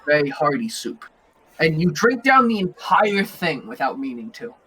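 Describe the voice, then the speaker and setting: A man's voice: on the high side, big pitch swings, moderate pace, sharp tone, breathy edge. A young man narrating as game master in a rambling, giggly way full of fillers.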